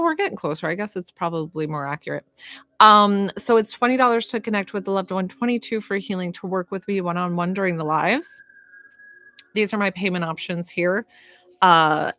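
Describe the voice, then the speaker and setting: This young woman from Georgia has a medium-pitched voice that sounds pushed and bright as she livestreams from her phone as a psychic medium. In casual chat and readings she gushes, offers reassurance, and rambles with lots of fillers.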